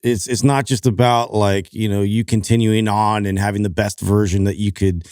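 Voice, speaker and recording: A man's voice: lowish voice, steady tone, normal speed, darkish tone, clean tone, no room sound, studio quality. A man hosting a podcast, speaking in a reflective, thoughtful way during casual chat. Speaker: podcast host.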